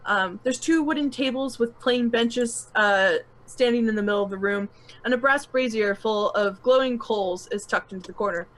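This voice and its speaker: A woman's voice: a little high, normal speed, fairly bright tone, low-quality recording. A woman running a tabletop game, describing the scene in a chatty way with many fillers and laughs. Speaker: game master.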